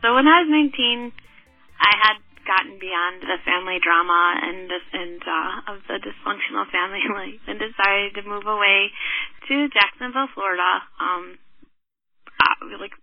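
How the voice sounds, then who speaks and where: A woman's voice: medium pitch, normal speed, dry recording, soft background music. A woman from the Chicago area, calling in to tell a personal story in a rambling, casual way full of fillers. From Chicago area, USA. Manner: rambling, many fillers and restarts. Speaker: caller telling her story. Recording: tinny phone line.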